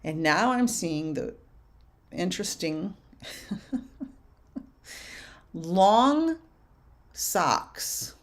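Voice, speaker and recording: Slow-speaking older woman medium. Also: fairly low pitch, big pitch swings. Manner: slow, musing, relays messages with soft laughs. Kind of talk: livestream reading, answering viewer questions.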